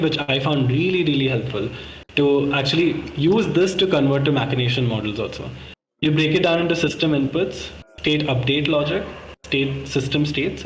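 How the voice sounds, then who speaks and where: A man's voice: a little high, roomy sound, a little hiss or hum, poor audio. A man walking through a model on a video call, rambling and correcting himself with many fillers. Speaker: course participant presenting a model. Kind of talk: casual screen-share walkthrough.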